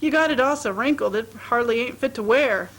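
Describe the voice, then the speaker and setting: A woman's voice: a little high, brisk, fairly bright tone. Woman doing a brash runaway young wife. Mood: scolding. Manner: breezy, boastful, folksy slang. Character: brash young woman fleeing her marriage.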